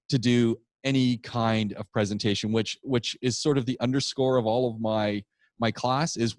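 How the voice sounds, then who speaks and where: Male podcast co-host, mid-pitched, talkative and animated, restarts often, dry close recording. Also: dry recording. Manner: animated, rambling storyteller with many restarts. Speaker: podcast co-host and public speaking teacher. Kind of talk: casual storytelling chat.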